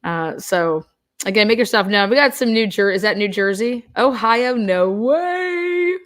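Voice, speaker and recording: A young woman hosting a casual livestream, chatting and reacting quickly as she reads out where viewers are from. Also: medium pitch, a bit bright. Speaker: livestream host.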